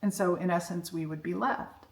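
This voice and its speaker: A woman's voice: lowish voice, fairly even intonation, moderate pace, gravelly. A middle-aged woman giving a candid, reflective personal monologue, telling her story frankly. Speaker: self-development speaker. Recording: echoey room.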